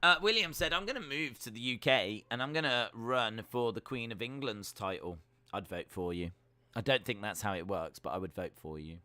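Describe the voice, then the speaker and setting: Brief: male streamer, young, teasing and self-mocking, animated pitch. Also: normal speed, no echo. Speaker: live-stream host reading chat. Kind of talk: casual watch-along chat.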